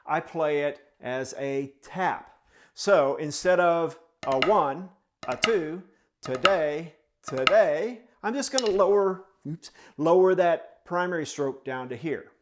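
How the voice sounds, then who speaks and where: A man's voice: on the high side, slow pace, background noise. A man teaching a drum lesson step by step, speaking the rhythms aloud in syllables as he demonstrates them.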